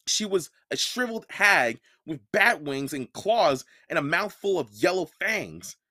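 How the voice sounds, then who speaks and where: Podcast audiobook reader, male, lively storytelling, dry close mic. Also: on the high side, measured pace, dry recording. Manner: expressive storytelling. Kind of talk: first-person audiobook narration.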